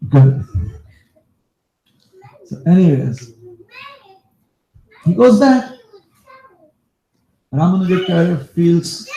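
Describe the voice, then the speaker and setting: Gravelly, dark-voiced male preacher. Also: fairly high pitch. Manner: animated storyteller with asides to the audience. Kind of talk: devotional storytelling sermon. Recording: echoey room.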